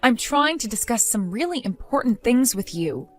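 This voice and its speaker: A woman's voice: fairly high pitch, big pitch swings, normal speed. A woman playing an exasperated young wife. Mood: defensive. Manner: defensive, pleading, exasperated. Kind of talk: text-story voice acting.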